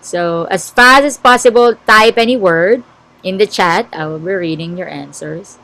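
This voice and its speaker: A woman with a Filipino English accent and a low-ish voice teaches an online class, reading her students' answers in a word game aloud and checking them encouragingly. The audio quality is poor.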